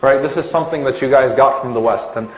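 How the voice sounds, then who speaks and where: A man's voice: medium pitch, fast, reverberant, rough recording. A man giving an Islamic lecture to a live audience, asking them questions and stretching out key terms for emphasis.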